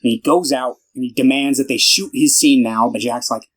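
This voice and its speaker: A male podcast co-host with a medium-pitched, fairly bright voice keeps a steady tone at a moderate pace, heard on a rough recording. His casual film recap wanders, packed with fillers and restarts, as he voices the characters' lines himself.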